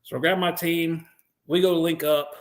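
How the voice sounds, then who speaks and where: American male guest, slightly high voice, animated, swears freely, acts out what others said. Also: moderate pace. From United States. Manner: profane, animated, acts out quotes. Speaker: podcast guest, veteran. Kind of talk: interview storytelling.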